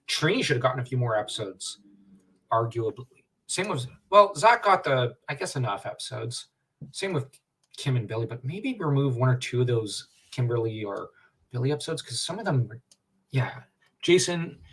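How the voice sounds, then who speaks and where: A man's voice: medium pitch, sing-song, normal speed, fairly bright tone. A man co-hosting a livestream in casual fan discussion, rambling with many fillers and restarts, getting worked up at times. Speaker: livestream co-host. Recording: distant from the mic.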